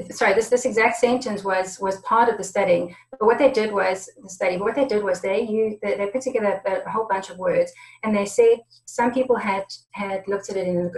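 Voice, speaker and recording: A woman giving a conversational webinar presentation on negotiation, often stopping and repeating words as she goes. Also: mid-range voice. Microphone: video conference setup. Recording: roomy echo.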